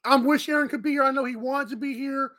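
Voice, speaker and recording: A woman's voice: high voice, steady tone, quick pace, a bit bright. A woman hosting a morning show podcast, chatting casually with a guest and laughing often.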